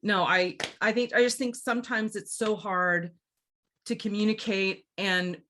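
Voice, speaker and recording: A woman's voice: medium pitch, fairly even intonation, measured pace, pushed and bright, a little hiss or hum. A woman opera singer co-hosting a podcast, telling a story in casual chat, candid and emotional, swearing freely.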